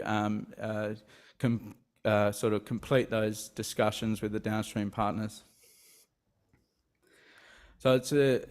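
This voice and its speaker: Guy doing an investor pitch, pretty monotone, lots of ums. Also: clean tone. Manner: halting, many fillers. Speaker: company presenter. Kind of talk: investor presentation.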